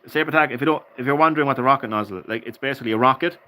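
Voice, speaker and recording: A man's voice: medium pitch, rapid-fire, pushed and bright, low-quality recording. A tired man commentating a live game stream, chatting with viewers, laughing often and swearing casually.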